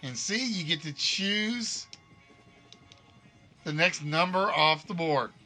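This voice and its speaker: A man hosting a live-streamed quiz game, reading questions slowly and repeatedly and teasing the players and chat playfully. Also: fairly high pitch, lively intonation, sharp tone, faint music behind. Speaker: game show host.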